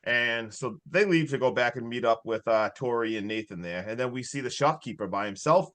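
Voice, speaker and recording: A man co-hosting a podcast, excitedly recapping a horror movie in casual chat. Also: medium pitch. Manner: excitable, swears, recaps in quick bursts with laughs. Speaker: podcast co-host.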